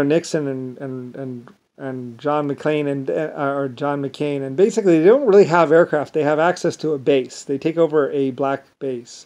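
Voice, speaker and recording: Rambling man with halting restarts. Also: a little high, a little mellow. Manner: meandering, halting, frequent restarts and repeated fillers. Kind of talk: rambling monologue.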